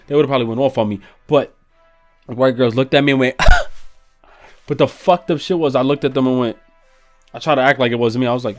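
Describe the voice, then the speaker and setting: A man's voice: mid-range voice, fairly quick, soft background music. A man telling a profane, slangy story in a casual vlog. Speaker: vlogger.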